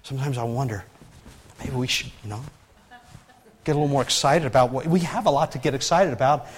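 A man preaching a sermon as pastor, animated and emphatic, with frequent restarts and loud peaks. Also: medium pitch, fairly quick, husky.

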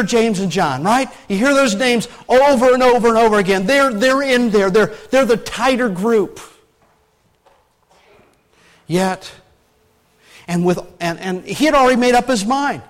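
A high-pitched man preaching from the pulpit in a relaxed, folksy way. He tells the story loosely and keeps turning to the congregation with rhetorical questions. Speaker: pastor. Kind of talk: conversational sermon.

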